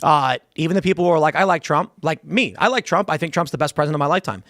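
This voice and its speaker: A man hosting a casual talk show, arguing quickly and reading out viewer comments. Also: a little high, expressive, fairly bright tone, dry recording, clean studio sound. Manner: argumentative, fast, mock-quotes people in asides. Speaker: host.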